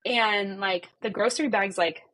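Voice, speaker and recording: A woman's voice: mid-range voice, moderate pace, fairly bright tone. A woman in her thirties, a podcast guest, retelling a personal story with many "like" fillers and acted-out dialogue.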